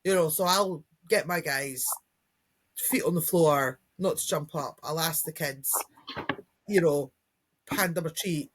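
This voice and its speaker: A woman's voice: low-pitched, measured pace, slight background noise. A woman co-hosting a podcast as a dog trainer, chatting casually and acting out what dogs and kids might say. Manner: chatty, acts out dogs' and kids' voices. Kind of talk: casual chat.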